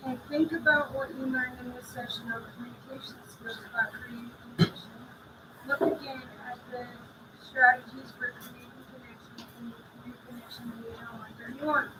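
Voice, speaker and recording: A woman leading a group session, reading workbook prompts aloud in a steady, even way. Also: fairly high pitch, normal speed. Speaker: group facilitator. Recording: distant mic in a noisy room.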